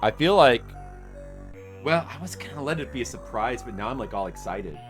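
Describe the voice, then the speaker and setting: A man's voice: mid-range voice, animated, moderate pace, faint music behind. A man streaming a game, rambling and self-deprecating as he chats with his viewers. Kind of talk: casual live-stream chat.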